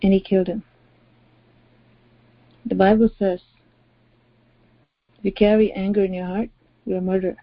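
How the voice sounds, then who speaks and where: A woman's voice: mid-range voice, little pitch movement, normal speed, long pauses, no room sound. Woman preaching emphatically, dull dry recording. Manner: emphatic preaching with repeated phrases. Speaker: pastor. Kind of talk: sermon.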